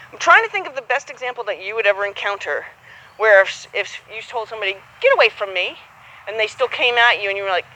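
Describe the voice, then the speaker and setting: A woman's voice: mid-range voice, lively intonation, brisk, pushed and bright, low-quality recording. A woman coaching a horsemanship student outdoors, patient and encouraging, acting out both horse and rider as she explains. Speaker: horsemanship instructor. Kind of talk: hands-on coaching.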